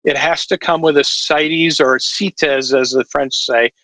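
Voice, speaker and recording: A man's voice: on the high side, steady tone, normal speed, pushed and bright, dry recording, poor audio. A man talking as a podcast guest over a video call, explaining at length with lots of fillers. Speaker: watch distributor guest. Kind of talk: casual podcast chat.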